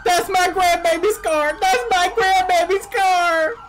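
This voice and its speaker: A woman voicing a loud, furious old grandmother, shrieking and half laughing. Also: extremely high pitch, fairly even intonation, measured pace, heavy background noise, pitched above the performer's own voice. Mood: yelling. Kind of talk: roleplay on a game server.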